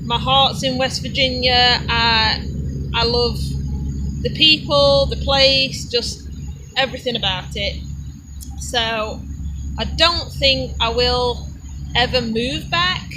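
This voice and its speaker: A woman from England with a Derbyshire accent softened by years in America, chatting casually on a live stream and laughing often. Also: a little high, slow, pauses often, background noise. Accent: Derbyshire English, softened by American years. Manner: chatty, laughs often, answers viewer comments. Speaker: homestead live stream host.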